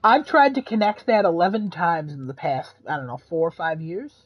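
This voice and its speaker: A man co-hosting a casual podcast chat, excitable, laughing often and throwing in mock exclamations. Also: on the high side, normal speed. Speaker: podcast co-host. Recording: dull lo-fi podcast audio.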